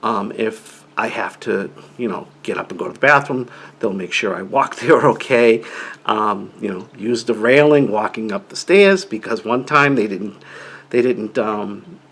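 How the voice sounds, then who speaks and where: Man, middle-aged, casual personal vlog talk, husky, rambling, frequent restarts. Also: lowish voice, lively intonation, unhurried, fairly bright tone. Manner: rambling, repeats words, restarts often. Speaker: vlogger living with an inner-ear condition.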